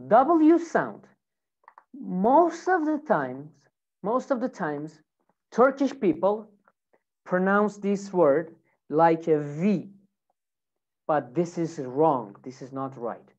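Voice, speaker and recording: A woman's voice: fairly low pitch, darkish tone, lo-fi sound. A woman teaching English pronunciation in a lesson, repeating example words over and over with exaggerated emphasis.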